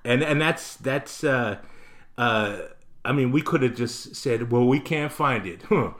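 Man, comedian, bright voice, animated, swears a lot, acts out people in his story. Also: mid-range voice, measured pace. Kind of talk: casual storytelling.

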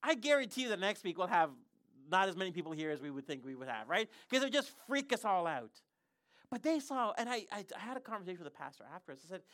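A pastor preaching a sermon, telling stories in an animated way and often restarting sentences. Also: mid-range voice, fast talker. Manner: animated storytelling with frequent self-restarts.

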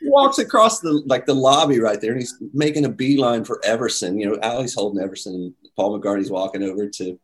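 A man telling a story in casual chat, animated, acting out the voices of the people in it. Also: on the low side, fast talker, few pauses. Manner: animated, acts out quoted voices, many "like"s.

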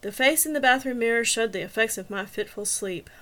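A woman narrating a story in the first person, steady and even. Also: fairly high pitch, fairly quick. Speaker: audiobook narrator.

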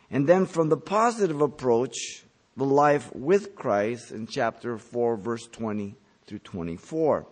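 A man's voice: medium pitch, darkish tone. Emphatic man preaching a Bible sermon. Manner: emphatic, rises sharply on key words then drops; teaching, verse-by-verse explanation with asides. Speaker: pastor. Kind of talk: expository sermon.

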